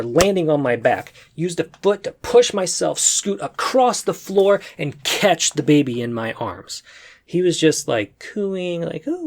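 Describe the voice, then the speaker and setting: Animated young man with gravelly edge. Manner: animated, jumps to loud high sound effects. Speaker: comedy vlogger. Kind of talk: comedic storytelling monologue to camera. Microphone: desk USB microphone.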